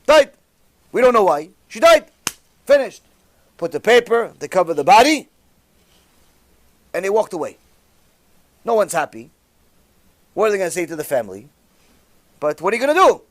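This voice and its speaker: High-voiced, animated storytelling rabbi. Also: male voice, normal speed, pauses often. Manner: animated storyteller with sudden loud bursts. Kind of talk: storytelling religious talk.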